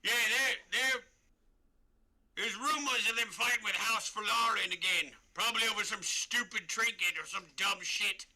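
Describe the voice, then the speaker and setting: A man's voice: high-pitched, normal speed, sharp tone, exaggerated voice. A man voicing a blunt, dismissive male guard captain in a tabletop game. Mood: gruff.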